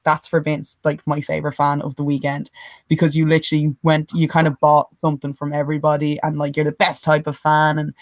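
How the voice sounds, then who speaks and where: A woman's voice: deep voice, dry recording, clean studio sound. A young Irish woman telling a swear-laden anecdote on a podcast, acting out what others said. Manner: animated anecdote-teller who swears freely and mimics others in quotes. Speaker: podcast co-host. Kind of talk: casual storytelling chat.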